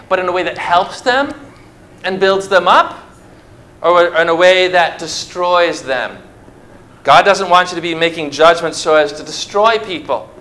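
A man's voice: a little high, pushed and bright, slight background noise, rough recording. A man preaching a sermon, emphatic and repetitive, acting out voices from the stories he tells. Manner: emphatic, repeats words for effect, acts out quoted voices.

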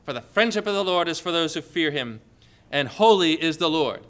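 Man, preacher, devotional sermon, earnest, expressive, crisp clear voice, bright tone. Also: on the high side, a little fast. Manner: earnest, expressive, with rhetorical questions.

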